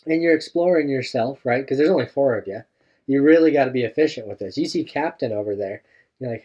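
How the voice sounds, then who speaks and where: A man's voice: mid-range voice, fast talker, warm tone. Playful man spinning a pretend scenario. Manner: playful, storytelling, guides guest through imagined scene. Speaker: co-host. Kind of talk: casual chat, narrating a made-up scenario. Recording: dull lo-fi sound.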